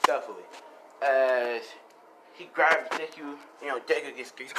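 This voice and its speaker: A man telling a made-up story off the cuff, rambling and correcting himself as he goes, with casual swearing. His pitch sits mid-range, with faint background noise underneath. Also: steady tone, measured pace. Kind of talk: casual improvised fan-story narration.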